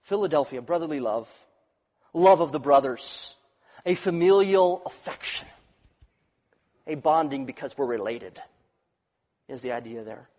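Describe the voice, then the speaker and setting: Male pastor, sermon, slightly high voice, big swings in volume, church hall reverb. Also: animated, a little slow, long pauses. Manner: dynamic preaching, swinging from loud rises to quiet drops. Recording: long reverb of a large hall.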